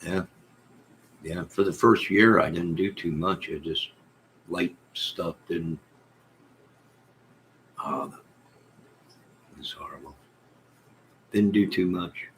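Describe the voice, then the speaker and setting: A man with a very deep, low voice talks in an unhurried, drawn-out way. He hosts a casual livestream, rambling through stories and jokey asides as he reads his chat. A faint hiss sits under his voice. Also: a bit bright, low-quality recording. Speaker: livestream host reading chat. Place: at home in bed.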